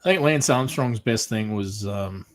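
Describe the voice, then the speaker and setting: A man's voice: on the low side, moderate pace. A man co-hosting a casual livestream, telling stories with crude language and laughter. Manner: profane, storytelling, laughs at his own tales. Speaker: podcast co-host.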